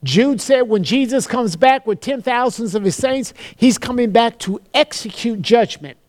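High-voiced man preaching a sermon. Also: animated. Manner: earnest preaching with slowed, solemn scripture quotes; repeats words when starting a phrase.

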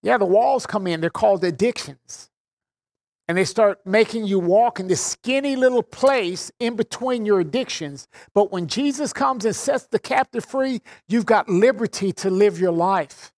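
High-pitched preacher guy, leans hard on key phrases, drops slang asides. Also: normal speed, darkish tone. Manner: emphatic, repeats phrases for stress. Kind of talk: sermon, expounding scripture.

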